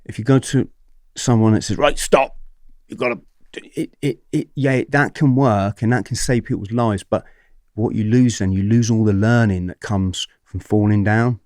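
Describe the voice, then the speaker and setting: Low-voiced man telling a raw story. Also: moderate pace, dry recording, studio quality. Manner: animated, swearing, keeps checking in with the host. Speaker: podcast guest. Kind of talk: candid storytelling interview.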